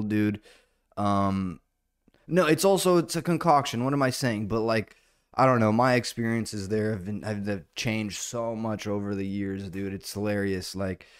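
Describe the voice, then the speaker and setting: Rambling, profane comedian podcast host. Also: male voice, clear, resonant tone. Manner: profane, rambling, jumps into loud high-pitched bits. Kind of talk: casual solo podcast monologue.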